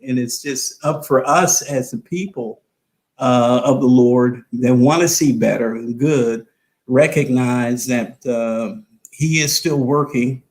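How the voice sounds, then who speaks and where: A middle-aged man, a pastor, talking in a fervent, preacherly way on a live stream and repeating phrases for emphasis. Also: medium pitch.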